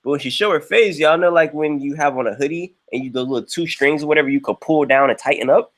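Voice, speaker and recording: A young livestream host tells a story fast, casual and animated, leaping into high voices whenever he quotes someone.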